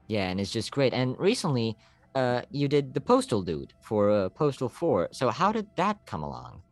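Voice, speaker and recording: Eager male podcast host, lively pitch. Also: normal speed, dry recording. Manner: eager, asks questions. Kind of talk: casual interview.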